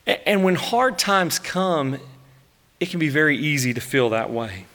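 A man's voice: fairly high pitch, lively intonation, unhurried, a bit bright, in a large hall. A man in his thirties preaching a sermon in an earnest, emotive way, acting out anguished laments. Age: 30s. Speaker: pastor.

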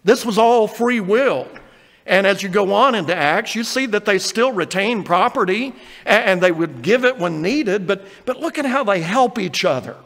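A man's voice: high-pitched, animated, normal speed, gravelly, a bit bright, in a large hall. A male pastor preaching an earnest sermon, reading scripture aloud and acting out the quotes.

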